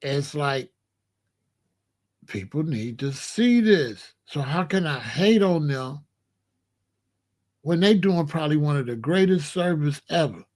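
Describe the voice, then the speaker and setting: A man's voice: a little high, expressive, takes it slowly, pauses often, darkish tone. A man hosting a live reaction stream, talking casually to his chat, repeating himself and tossing questions to the audience. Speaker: commentary channel host.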